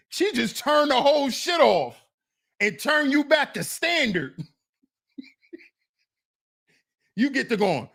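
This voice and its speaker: Laid-back guy reacting to clips, big swings in his voice, drawls slow and keeps laughing. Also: very high voice, gravelly. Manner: animated, laughs often, speaks to "fellas". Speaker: online commentator reacting to clips. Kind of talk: casual reaction commentary.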